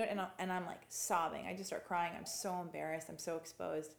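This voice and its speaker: A woman's voice: fairly low pitch, steady tone, brisk, creaky, few pauses, echoey room. A woman with a slight lisp telling a long personal story as a guest, chatty and full of "like" fillers. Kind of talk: casual interview storytelling.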